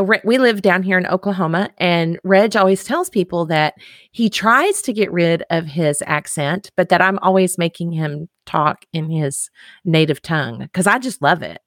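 A woman with a strong Texas twang hosts a casual podcast chat, gushing and enthusiastic. Her voice sits on the low side and sounds dry and close to the mic. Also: a bit bright, no room sound. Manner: chatty, enthusiastic, drawn-out twang. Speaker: podcast host.

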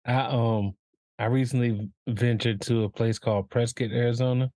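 A man co-hosts an easygoing podcast chat, mostly adding short, relaxed comments and the odd quick anecdote. His voice sits at an ordinary pitch. The recording is dry and close. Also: no echo. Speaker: podcast co-host. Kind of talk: casual chat.

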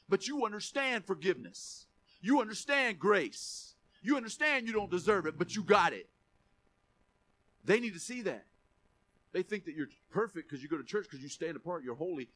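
A man preaching a sermon with passion, moving between quiet, chatty asides and raised, driving declarations. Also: high-pitched.

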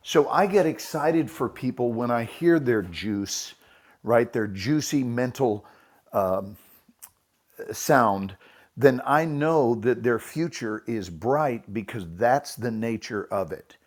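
A man's voice: medium pitch, lively intonation, slow. Folksy man giving motivational talk. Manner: folksy, preachy, uses homely food comparisons. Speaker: speaker in an audio room.

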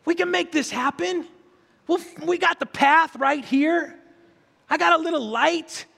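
A man's voice: extremely high pitch, a little slow, vocal fry, pushed and bright, voice pushed up, heavily acted. A man voicing a cheerful, encouraging male friend who rallies others on. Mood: rallying. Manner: cheerful, rallying. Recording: long reverb of a large hall.

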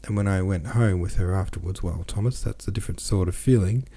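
Fretful middle-aged merchant, read by a man, rambling and plaintive, gravelly, husky, dark low voice. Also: a little fast. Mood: pleading. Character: anxious ailing male merchant, middle-aged, self-pitying. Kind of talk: audiobook character voice.

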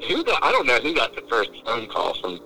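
A man telling a rambling story to friends in casual chat, animated and crude, acting out what others said. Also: medium pitch, fairly quick, faint music behind, poor audio.

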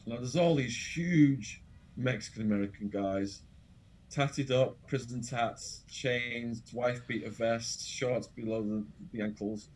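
A man with an English accent, an interview guest telling an animated, dramatic anecdote full of quoted voices. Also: mid-range voice, slow, slightly rough. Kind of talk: storytelling anecdote.

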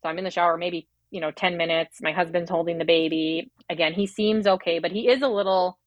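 A woman in her thirties tells her birth story quickly and emotionally, rambling with many fillers and acting out her inner thoughts as quotes. Her voice is fairly low and steady, and the recording is dry.

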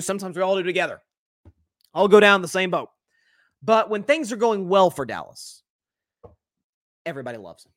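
Animated man in sports commentary. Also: sits high, no room sound, studio quality. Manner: animated, with frequent repeated words and restarts. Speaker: podcast host. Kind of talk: solo sports commentary podcast.

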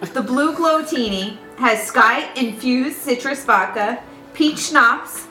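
A woman co-hosting a podcast in casual chat, giggly and halting as she reads a drink recipe. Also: sits high, bright, forceful tone, reverberant, faint music behind, poor audio. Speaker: podcast co-host.

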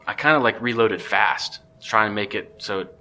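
A man, a podcast guest, telling a story in a casual, excitable way with many restarts. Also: lowish voice, normal speed, a little hiss or hum.

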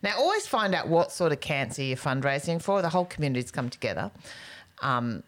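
A woman's voice: low-pitched, sing-song, brisk. A woman comedian co-hosting a casual chat, telling rambling stories and laughing through them. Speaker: comedian and co-host.

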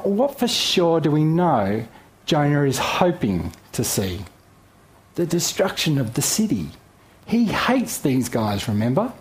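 A man's voice: fairly high pitch, a little mellow. A man teaching through a Bible story, reading verses and adding playful, joking asides.

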